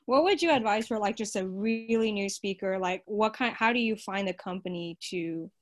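A woman's voice: medium pitch, moderate pace. A young woman comedian hosting a podcast, chatting casually and filling her talk with "like". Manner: chatty, lots of "like" fillers. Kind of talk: casual interview chat.

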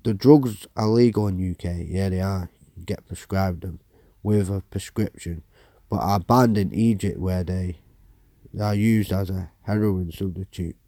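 A man's voice: deep voice, a little slow, dark tone, no room sound, studio quality. A man hosting a podcast, reading news aloud with blunt, sweary, rambling asides. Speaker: podcast host.

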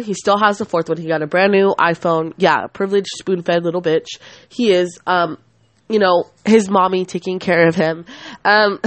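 A woman's voice: on the low side, dry recording. A woman in her twenties hosting a podcast, rambling and swearing as she vents angrily, often cutting herself off mid-sentence. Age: 20s. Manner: rambling, profane, angry, self-interrupting. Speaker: podcast host. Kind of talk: casual venting monologue.

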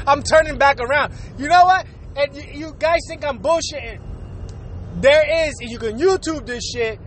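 A man's voice: very high-pitched, moderate pace, fairly bright tone, a little hiss or hum. A man hosting his own podcast, ranting casually with lots of swearing, fillers and frequent laughter. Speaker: podcast host. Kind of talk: casual profane rant.

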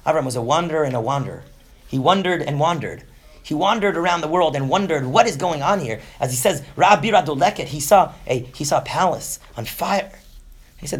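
Teaching a class on Jewish texts, this animated man in his thirties keeps checking in with "right?" and slips into short character voices. He speaks on the high side with a breathy edge.

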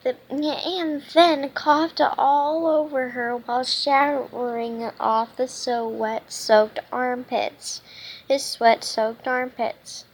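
A woman reading a children's storybook aloud, halting often and restarting her words. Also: high voice, steady tone. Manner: halting, with frequent restarts and stumbles. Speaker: children's book reader.

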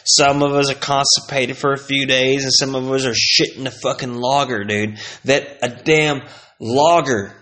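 A man's voice: mid-range voice, fairly even intonation, normal speed, sharp tone. A young man from Texas, ranting casually and swearing constantly, his voice jumping up when he gets worked up. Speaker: vlogger. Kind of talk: casual profane rant.

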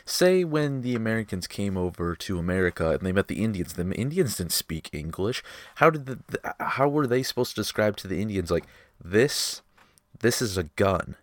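Lively-voiced young man, argumentative. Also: fairly low pitch, fairly quick, few pauses, no room sound. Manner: argumentative, swears often, voice jumps up when worked up. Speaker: podcast host. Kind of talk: casual chat.

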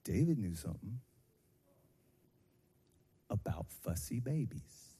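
Impassioned preacher in a reverberant hall. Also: male voice, lowish voice, big pitch swings, slow, slightly rough. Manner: impassioned, rises to shouted and sung cadences. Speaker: pastor. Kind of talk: sermon. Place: church sanctuary. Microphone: handheld microphone.

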